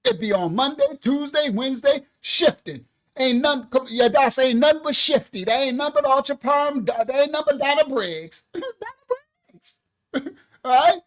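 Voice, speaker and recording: A man's voice: very high-pitched, normal speed, fairly bright tone. A man giving a livestreamed scripture lesson as a Bible teacher, speaking fervently, calling out exclamations and breaking into laughter, into his own desk microphone.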